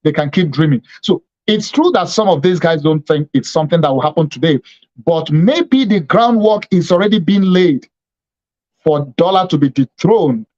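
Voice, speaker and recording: A bishop hosting a TV program, giving emphatic political commentary and repeating points to drive them home. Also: male voice, on the high side, expressive, moderate pace, darkish tone, lo-fi sound.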